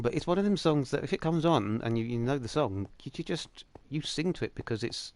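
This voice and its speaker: A man's voice: mid-range voice, lively intonation, a little fast, a little mellow, no echo. A young man hosting a game livestream, talking through it in a chatty, jokey, rambling way. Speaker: livestream host. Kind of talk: casual game commentary.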